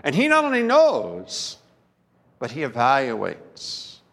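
A man preaching a sermon as pastor, telling a story slowly and emphatically with dramatic pauses, recorded in a church sanctuary. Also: mid-range voice, wildly swooping pitch, vocal fry, fairly bright tone. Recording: long reverb of a large church hall.

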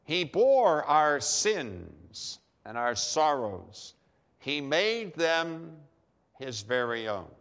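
A man's voice: fairly high pitch, very animated, fairly bright tone, smooth. Emphatic preacher man in a reverberant hall. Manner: emphatic preaching, dramatic pauses and repeated phrases. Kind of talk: sermon.

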